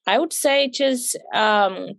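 A woman's voice: a little high, takes it slowly, creaky, fairly bright tone, no room sound. A young woman, an interview guest, telling a personal story in conversation, emotional and acting out what people said to her. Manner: emotional, retells with quoted dialogue.

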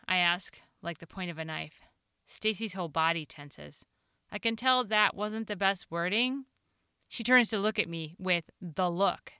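A woman author reading her own personal story aloud, earnest and expressive. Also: lowish voice, unhurried, smooth, no echo, clean studio sound. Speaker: author and show host.

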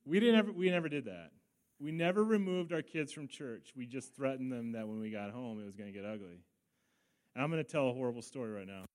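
A middle-aged man, a pastor, telling a story in a sermon with quick asides and laughter. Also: mid-range voice, lively intonation, darkish tone.

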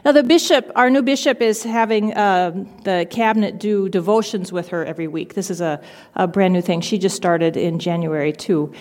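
A woman's voice: lowish voice, moderate pace, a little mellow. Woman preaching in a reverberant hall. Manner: conversational, retelling scripture with acted-out quotes. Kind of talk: sermon.

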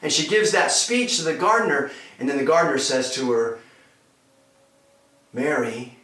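A male pastor preaching a sermon and retelling scripture as an animated story, heard from a distance in an echoey room. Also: a little high, a little fast.

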